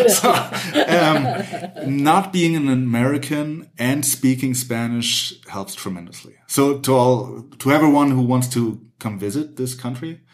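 A man from Germany hosting a casual chat, relaxed and hesitant with many fillers. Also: medium pitch, unhurried. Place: Mexico.

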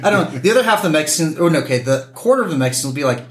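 A man talking in a casual chat, animated, switching into impressions of other people. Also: a little high, very fast, few pauses. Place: Mexico City.

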